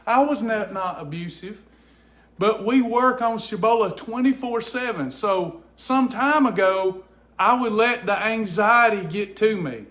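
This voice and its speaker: Guy talking at home, earnest and preachy, kinda high voice, repeats stuff a lot. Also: unhurried, fairly bright tone. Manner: earnest, emphatic, repeats himself. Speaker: host of a faith-based weight loss ministry. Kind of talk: casual preaching chat to camera. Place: at home indoors.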